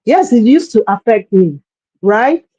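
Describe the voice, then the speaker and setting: A woman's voice: fairly high pitch, expressive, a little slow, dark tone, slightly rough, no room sound, poor audio. A woman coaching parents in a workshop talk, speaking earnestly and often repeating words as she searches for her phrasing.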